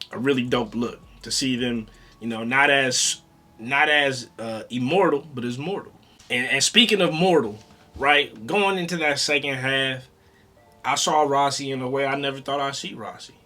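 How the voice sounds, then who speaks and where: Animated man reviewing, slangy and bright. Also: medium pitch. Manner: animated, repetitive, slangy, swears. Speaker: reaction video reviewer. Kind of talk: casual spoken review.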